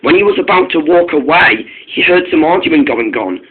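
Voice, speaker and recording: A man's voice: fairly high pitch, animated, husky. A man reading a homemade train story aloud, stumbling and restarting his phrases. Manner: halting, frequent restarts and repeated phrases. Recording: tinny phone-like recording.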